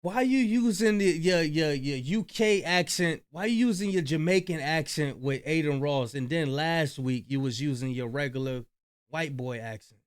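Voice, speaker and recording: A man's voice: a little high, normal speed, smooth. A man hosting a reaction video, chatting loosely with slang and profanity about clips he plays. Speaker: reaction channel host. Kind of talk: casual commentary on clips.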